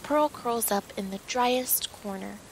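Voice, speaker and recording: A woman reading a children's picture book aloud, with gentle, expressive storytelling. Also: a little high, measured pace, a little hiss or hum, low-quality recording. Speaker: storybook reader.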